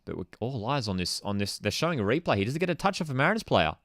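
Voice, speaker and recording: A man's voice: mid-range voice, big pitch swings, very fast, a bit bright, no echo, clean studio sound. A young man hosting a live football watchalong, ranting in exasperation and casual slang while reading out chat messages. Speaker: host of a football watchalong stream.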